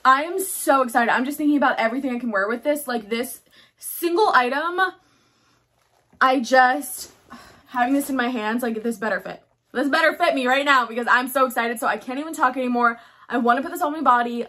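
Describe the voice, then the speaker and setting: A young woman talks into her phone camera at home, her voice sitting high and light. She gushes, trails off and restarts in breathless, chatty excitement, full of fillers. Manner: bubbly, gushing, chatty with many fillers. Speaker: fashion haul vlogger. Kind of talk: casual excited chat to camera.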